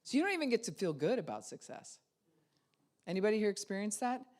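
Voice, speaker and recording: A woman pastor gives a lively sermon in a conversational way. She talks straight to her listeners and shifts her pitch and loudness to act out inner thoughts. Her voice sits at a medium pitch. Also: quick pace. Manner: conversational, addresses the listeners directly.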